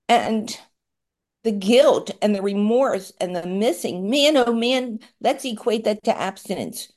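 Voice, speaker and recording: A woman's voice: mid-range voice, animated, a little slow, darkish tone. Middle-aged woman speaking at a recovery meeting; candid, rambling, self-mocking, near tears at times. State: tearful at times. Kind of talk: personal share at a support meeting.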